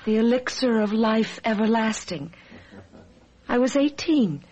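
A fairly high, earnest voice belongs to a young woman who never ages. She pleads and confides in a vintage radio drama. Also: animated, a little slow, a little mellow, husky.

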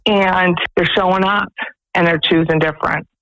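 A woman's voice: on the low side, moderate pace, poor audio. A woman who runs a pregnancy resource center, telling stories earnestly as a guest on a radio interview. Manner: earnest, animated storyteller.

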